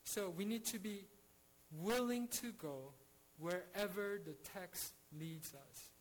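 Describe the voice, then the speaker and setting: High-voiced man teaching a Bible study. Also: slow pace, a little hiss or hum, rough recording. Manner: earnest, many restarts and rhetorical "right?".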